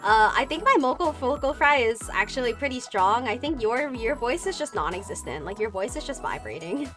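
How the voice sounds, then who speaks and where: A young woman chats with her stream viewers in a fairly high voice that swings up and down expressively. She rambles with plenty of "like" fillers and giggles, and a touch of vocal fry creeps into her lower notes. Soft music plays faintly underneath. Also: lively intonation, a little fast. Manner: chatty and rambling, many "like" fillers, frequent giggles. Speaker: VTuber streamer. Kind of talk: casual chat reading viewer comments.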